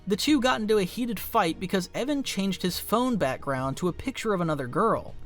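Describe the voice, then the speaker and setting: A man's voice: high voice, animated, fairly quick. A man reading a scripted documentary narration in a dramatic, emphatic way. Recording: faint music underneath.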